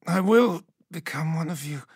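A man's voice: on the high side, lively intonation, normal speed, breathy edge, no echo, studio quality, pitched above the performer's own voice. A man voicing an exhausted young male recruit who speaks in a strained, earnest and fiercely determined way. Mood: fervent.

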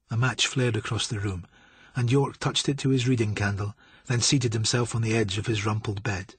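A man narrating an audiobook in a steady, dramatic storytelling manner, with a husky voice. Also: fairly low pitch, moderate pace, no room sound.

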